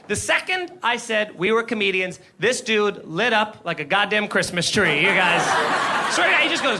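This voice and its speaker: A high-voiced man tells a stand-up story on a club stage, animated and quick to slip into impressions. His words come over a stage mic with steady room noise behind him. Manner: animated, acts out the cop and himself in quick impressions. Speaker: stand-up comedian. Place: comedy club stage before a live audience.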